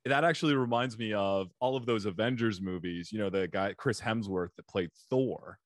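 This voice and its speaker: A man's voice: on the low side, moderate pace, no room sound, studio quality. A man hosting a podcast in a casual interview, laughing often and talking in long, rambling stretches. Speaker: podcast host.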